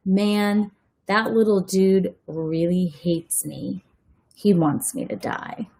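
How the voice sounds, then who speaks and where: A woman's voice: mid-range voice, steady tone, slow pace, creaky, a little mellow, slightly rough. A woman who works as a teacher, reading a novel aloud at bedtime and breaking off for chatty, self-correcting asides. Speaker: read-aloud host, teacher.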